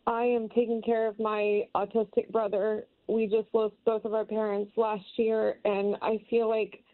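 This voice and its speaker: A woman's voice: a little high, flat delivery, unhurried. A woman calling in to a live television program, emotional and fighting back tears as she speaks with gratitude. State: tearful, choked up. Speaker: caller. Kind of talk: call-in comment on live TV. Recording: tinny phone line.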